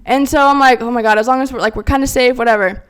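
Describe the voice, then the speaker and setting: A young woman in her twenties, co-hosting a podcast and telling a story in a fast, animated way, full of fillers. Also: on the high side, smooth. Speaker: podcast co-host. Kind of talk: casual chat, storytelling.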